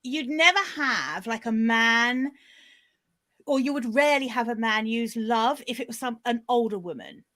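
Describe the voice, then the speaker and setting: A woman, a guest on a casual chat podcast, telling stories in a lively, animated way. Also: fairly high pitch, normal speed.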